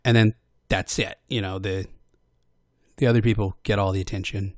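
A man rambling in a casual monologue about voicing audio posts, self-deprecating and hesitant, with many restarts and fillers, slipping into quick character voices when he quotes people. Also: fairly low pitch, steady tone, no echo, studio quality.

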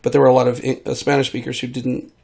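A man rambles through a casual monologue while sick. His voice has a steady middle pitch and a gravelly, creaky texture. He wanders from thought to thought, trails off and fills gaps with ums. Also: fast. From United States. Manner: meandering, trailing off, many fillers. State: sick, voice hard to control. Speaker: vlogger.

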